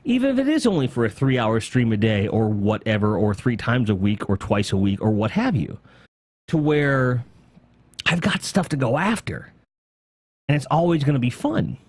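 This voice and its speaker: A man hosting a casual gaming podcast, talking excitedly in long rambling runs with casual swearing. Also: mid-range voice, normal speed, husky. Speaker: podcast host.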